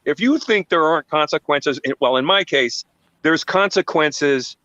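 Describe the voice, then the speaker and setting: A man's voice: fairly high pitch, moderate pace, bright, forceful tone, no echo. Earnest man hosting a live panel. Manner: earnest, storytelling. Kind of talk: casual chat. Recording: dull, dry sound.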